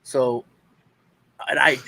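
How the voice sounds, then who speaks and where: A man from the United States, co-hosting a casual talk show, telling a childhood story in a halting, rambling way with many restarts. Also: mid-range voice, flat delivery, vocal fry, bright, forceful tone, rough recording. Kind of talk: casual chat.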